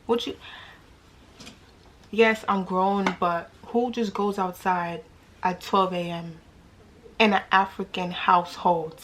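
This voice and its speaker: A woman's voice: medium pitch, unhurried, fairly bright tone. A young woman with a New York accent telling a dating story casually to her viewers, slangy and full of rhetorical questions.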